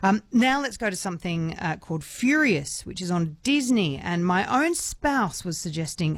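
A woman's voice: mid-range voice, sing-song, moderate pace, few pauses, dry recording. A woman hosting a radio chat, talking casually and restarting her sentences as she goes. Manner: chatty, warm-hearted asides, trails off and restarts. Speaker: radio host.

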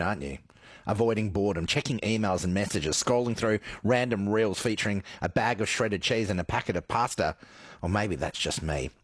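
A man's voice: lowish voice, slightly rough, no echo. A man, presenting on the radio in a conversational, wry tone. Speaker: radio host.

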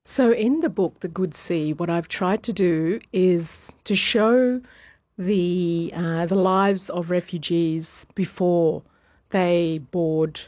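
Woman historian talking about her book, lots of uh and um, really low voice, dry sound. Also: slow, a little mellow, dry recording. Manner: hesitant, many fillers. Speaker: historian and author. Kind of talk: radio interview.

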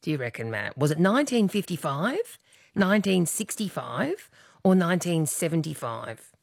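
Woman radio host, bouncy animated delivery, playful quizzer. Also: on the low side, moderate pace, creaky, no echo, clean studio sound. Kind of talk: casual radio chat.

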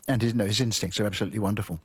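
Husky-voiced male radio host. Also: lowish voice, fairly even intonation, a little mellow. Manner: thoughtful, measured, hesitant restarts. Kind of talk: radio studio conversation.

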